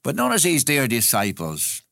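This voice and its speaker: A man's voice: medium pitch, wildly swooping pitch, normal speed, vocal fry, a bit bright, dry recording, studio quality. A man preaching an expository sermon in an earnest way, repeating phrases for emphasis.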